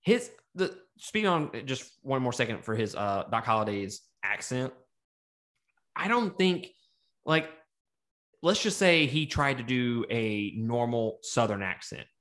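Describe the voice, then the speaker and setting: Animated, profane male movie podcaster. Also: mid-range voice, unhurried. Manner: animated, profane, laughs often. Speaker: podcast co-host. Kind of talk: casual movie review chat.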